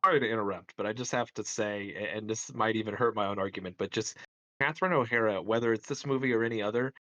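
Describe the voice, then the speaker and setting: Man, podcast co-host, halting casual talk, lower pitch, muffled sound. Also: a bit bright. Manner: apologetic, halting. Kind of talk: casual film debate chat.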